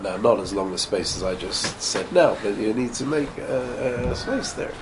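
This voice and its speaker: A man's voice: medium pitch, very animated, normal speed. Man teaching a Torah class, noisy room. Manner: explains step by step, repeats words, models careful pronunciation. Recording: noisy ambient room recording.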